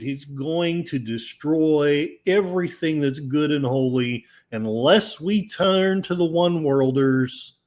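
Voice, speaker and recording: A man's voice: fairly high pitch, slow, few pauses, darkish tone. A man hosting a livestream podcast, reading out chat messages with a sarcastic, mock-solemn delivery.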